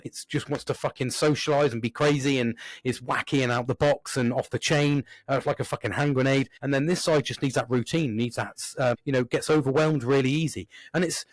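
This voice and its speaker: A man in his thirties talks in a casual, rambling chat, swearing all the time. His voice sits at an ordinary middle pitch. The recording is close and dry, with little room sound. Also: dry recording. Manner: swears constantly, animated and rambling; acts out inner voices with big jumps in pitch. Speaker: podcast host.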